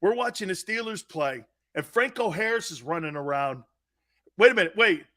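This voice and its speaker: Loud, animated sports talk show host. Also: male voice, high-pitched, normal speed. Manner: loud, laughing, impersonates family in quotes.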